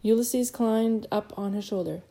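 Mellow-voiced woman narrating an audiobook. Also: mid-range voice, measured pace, creaky. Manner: lively and expressive, with occasional stumbles.

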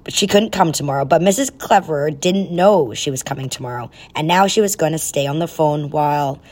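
Woman reading a kids story, softish lowish voice, calm. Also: fairly quick. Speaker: narrator.

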